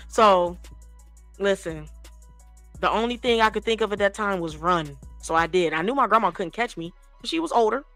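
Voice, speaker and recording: A woman spins a long comic story in loose, profane chat. Her voice sits at an ordinary middle pitch and stays lively as she acts out the people in it. The room is dry, and soft music plays underneath. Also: moderate pace, no room sound.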